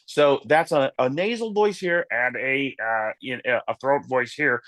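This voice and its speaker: A man's voice: medium pitch, unhurried, few pauses, a bit bright, no echo, clean studio sound. A man, a comedian, chatting animatedly as an interview guest and slipping in and out of voices. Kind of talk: lively interview chat.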